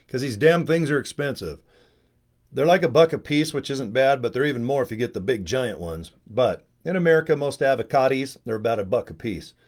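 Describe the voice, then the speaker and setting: A middle-aged man chatting casually at home on a webcam livestream, rambling, joking and cursing freely. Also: medium pitch. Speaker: video host. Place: at home, indoors.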